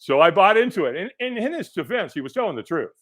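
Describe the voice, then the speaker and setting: A middle-aged man, a podcast guest, telling a personal story in an animated way and acting out the people in it. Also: high voice, fast talker. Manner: animated storyteller who acts out quoted voices.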